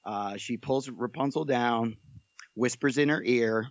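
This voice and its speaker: A man of middling pitch tells a story in a casual, joking, animated way. The sound is dry and a bit dull. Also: a little slow, no room sound. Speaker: podcast guest.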